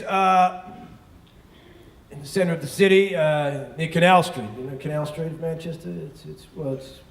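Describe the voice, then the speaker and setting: A man's voice: a little high, steady tone, moderate pace, gravelly. An Australian man doing a profane, rambling stand-up routine on stage in a large hall. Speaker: stand-up comedian. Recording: echoey live venue recording.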